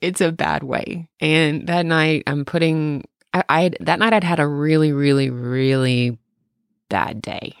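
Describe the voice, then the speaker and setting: Podcast co-host, parent, gravelly mid-pitched voice, candid storyteller, dry booth sound. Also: normal speed, few pauses, no echo. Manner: candid, animated storytelling with swearing. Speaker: parent of two. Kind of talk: casual chat.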